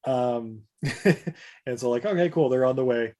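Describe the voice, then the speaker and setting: A man in a casual podcast chat, retelling a TV episode scene by scene with loose fillers, frequent laughs and quick mock voices for the characters. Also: medium pitch, darkish tone, slight background noise. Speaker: podcast co-host recapping a TV episode.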